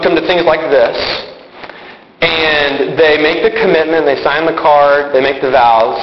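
Earnest young man preaching in echoey hall. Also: fairly high pitch. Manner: earnest storytelling, quick asides with laughs. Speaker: youth speaker. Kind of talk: testimony sermon. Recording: echoey hall, slightly dull sound.

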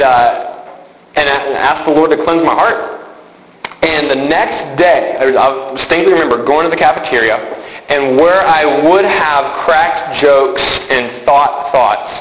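A young man giving an earnest testimony sermon as a youth speaker, telling his story with quick asides. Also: on the high side. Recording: echoey hall, slightly dull sound.

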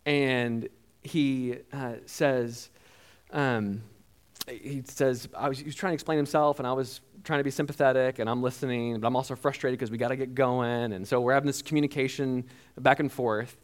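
A man preaching a sermon, telling a personal story in a halting way with frequent restarts and acting out quoted lines. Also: mid-range voice, smooth. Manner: animated storyteller who acts out quoted lines.

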